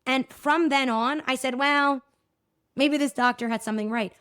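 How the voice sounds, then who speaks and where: A woman's voice: high-pitched, normal speed, a bit bright, smooth. A woman in her thirties hosting a solo podcast, chatty and self-deprecating, often checking in with "okay?". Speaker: podcast host. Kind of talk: casual solo podcast talk.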